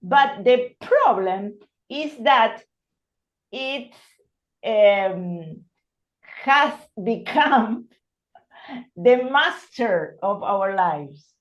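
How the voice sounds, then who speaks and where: A woman's voice: medium pitch, lively intonation, extremely slow, pauses often, dull audio. A woman teaching an online English lesson, explaining patiently and checking in with "hmm?".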